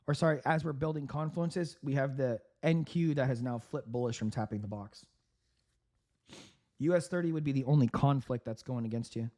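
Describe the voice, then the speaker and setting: Guy doing live market commentary on a stream, kinda high voice, keeps clearing his throat, sore throat. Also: a little mellow. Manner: upbeat, laughs often, clears throat. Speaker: trading livestream host.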